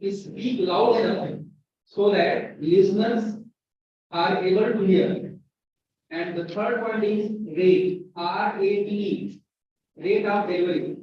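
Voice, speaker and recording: A man with an Indian English accent giving a classroom lecture at a university, speaking slowly and repeating key words for emphasis. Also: sits high, steady tone, a little hiss or hum. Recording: very echoey, distant, dull lo-fi sound.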